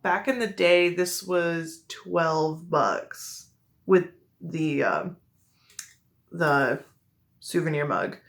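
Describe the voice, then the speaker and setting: With drawn-out words, a creaky lowish voice, and long pauses, a young Midwestern woman casually presents her mug collection. Her show-and-tell chat rambles, packed with fillers and self-corrections.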